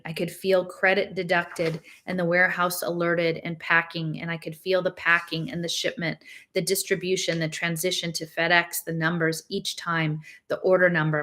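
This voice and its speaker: A woman with a somewhat low voice reads a novel aloud. Her first-person narration stays steady and plain, moving the story along without fuss.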